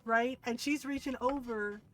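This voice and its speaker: A woman streaming a game, telling gossipy stories in a lively, casual way and swearing freely. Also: a little high, unhurried. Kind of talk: casual live-stream chat.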